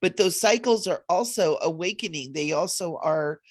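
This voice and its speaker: A woman co-hosting a casual spiritual chat, playful and quick to laugh. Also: on the low side. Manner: laughs often, playful and animated. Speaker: co-host.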